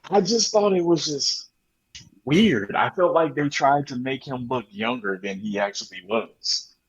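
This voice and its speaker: Man, podcast panelist, slow halting delivery, dull lo-fi audio. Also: mid-range voice, slightly rough. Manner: slow, hesitant, many "um"s. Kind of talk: casual movie review chat.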